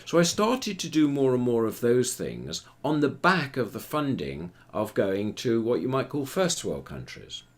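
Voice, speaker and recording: An older man spins an anecdote for a documentary camera, his pitch rising and falling freely as he talks. He slips into the voices of the people in his story, always the animated raconteur. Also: unhurried, hardly any pauses. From Britain. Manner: lively anecdotal storyteller who acts out dialogue. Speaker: retired theatre performer interviewee.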